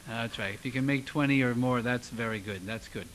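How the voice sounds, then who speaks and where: A man's voice: medium pitch, a little fast, noisy background. A male voice teacher giving a singing lesson, encouraging and demonstrating sounds for his student. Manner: encouraging, coaching with vocal demonstrations. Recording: loud piano music behind.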